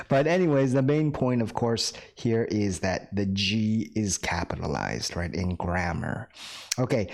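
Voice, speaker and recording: A man teaching an online English class, patient and repetitive, often checking in with "right?" and slipping in Korean words for his students. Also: lowish voice. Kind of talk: recorded online class lecture.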